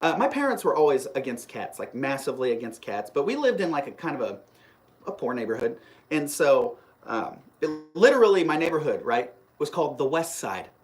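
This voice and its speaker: Fairly quick and mid-range in voice, a live stream host rambles animatedly through a long personal story with frequent restarts, reading viewer comments aloud and answering them. Soft background music plays.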